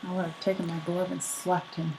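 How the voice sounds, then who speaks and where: A woman's voice: on the low side, level tone, brisk, mellow, rough recording. A young woman co-hosting a casual podcast, reacting to the story with short remarks, laughs and mild swearing. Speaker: podcast co-host listening.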